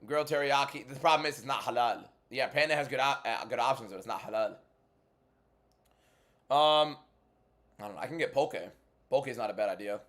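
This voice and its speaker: An MMA content creator hosts a casual fight watchalong livestream, answering chat with blunt banter at a medium pitch and fairly quick pace, broken by long pauses. He swings between a subdued inside voice and loud, hyped delivery.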